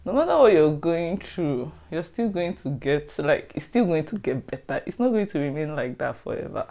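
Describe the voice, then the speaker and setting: A young adult woman shares her own story in a storytime vlog, candid and emotional, confiding directly in her viewers over background music. Her low, mellow voice swings widely in pitch at normal speed.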